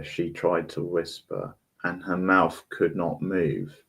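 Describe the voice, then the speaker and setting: A man reads a ghost story aloud in a very deep voice. He takes it slowly and deliberately, now and then stumbling and correcting himself. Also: expressive, creaky. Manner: slow, deliberate reading with small slips and self-corrections. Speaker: reader. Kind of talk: reading a novel aloud.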